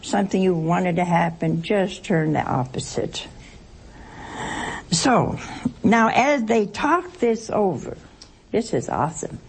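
A woman's voice: fairly low pitch, expressive, takes it slowly, creaky, long pauses, breathy edge. A woman teaching a Bible study to a group, talking conversationally and expressively with rhetorical questions and playful asides.

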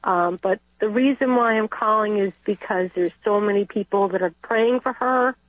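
A woman's voice: medium pitch, moderate pace, no echo. An older woman calling in to a radio show, emotional and close to tears as she talks. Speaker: caller. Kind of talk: phone-in call. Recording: husky, dry, tinny phone line.

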